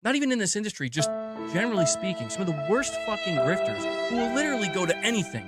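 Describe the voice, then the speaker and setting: A man ranting on a podcast, heated and profane, worked up and fast to vent. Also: high-pitched, big pitch swings, over loud music.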